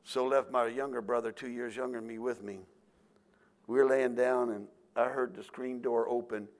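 A man's voice: medium pitch, steady tone, normal speed. Older male pastor, folksy storyteller, acts out voices mid-sermon.

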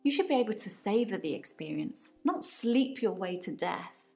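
Soft-spoken herbalist in a game, earnest, mid-pitch, music faint behind. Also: female voice, expressive, normal speed, gravelly. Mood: firm. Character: calm female herbalist with firm views on death. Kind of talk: game character dialogue.

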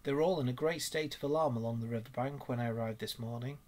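A man voicing a bold, cheerful male otter who tells his tale in a hearty way, with a husky voice. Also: mid-range voice, quick pace, a little mellow, lightly acted.

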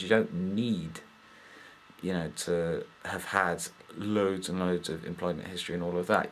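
A man's voice: deep voice, slight background noise. A young British man in a casual vlog monologue, rambling and exasperated as he complains. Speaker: vlogger.

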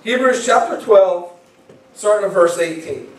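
Pastor, male, high-pitched, preaching to a congregation, heard from a distance in a roomy church. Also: a little slow. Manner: conversational, repeats words when starting phrases. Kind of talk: sermon. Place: church sanctuary. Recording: echoey church from far off.

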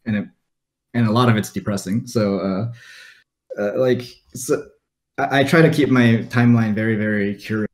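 A man's voice: lowish voice, steady tone, normal speed. A man hosting a casual podcast chat, talking hesitantly with many restarts. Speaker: podcast host asking questions.

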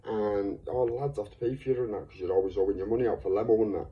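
A man's voice: on the low side, steady tone, fast talker, slight background noise. A man in an angry, swearing rant to camera as a YouTuber. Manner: heated, insulting, swearing. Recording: distant, dull lo-fi recording.

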